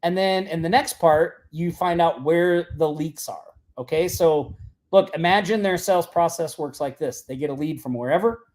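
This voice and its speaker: A man hosting a live marketing show, teaching in a casual, energetic way and checking in often with "right?" and "okay?". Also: fairly high pitch, normal speed.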